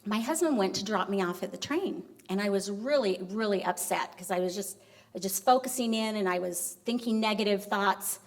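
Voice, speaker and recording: Woman telling a lively story in a lecture. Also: mid-range voice, normal speed. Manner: animated, acts out dialogue in a story. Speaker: university vice president giving a lecture.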